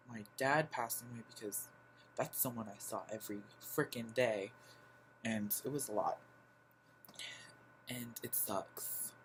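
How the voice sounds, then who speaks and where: Young adult vlogger, slow and halting, sighs between phrases, faint background hum. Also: mid-range voice, fairly bright tone, rough recording. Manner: halting, sighing, lots of fillers. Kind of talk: personal confessional vlog.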